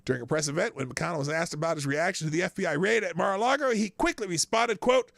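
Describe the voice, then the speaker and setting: A man's voice: fairly high pitch, fast talker, creaky, hardly any pauses, dry recording. A man hosting a live news commentary show, talking in a sarcastic, rambling way with frequent swearing and restarts.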